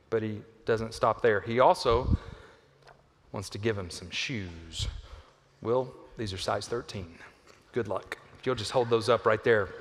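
A male pastor delivers a sermon in a church auditorium, his voice ringing with a long hall reverb. He swings from loud, lifted emphasis down to hushed, low lines, with playful asides along the way. His pitch sits in an ordinary middle range for a man. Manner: playful asides with a volunteer on stage.

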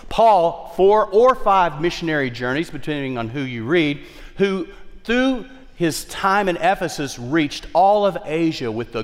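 Fervent preaching man in a reverberant hall. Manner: emphatic preaching, repeats key phrases, dynamic swings in pitch and volume. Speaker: pastor. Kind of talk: sermon. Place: large church worship center.

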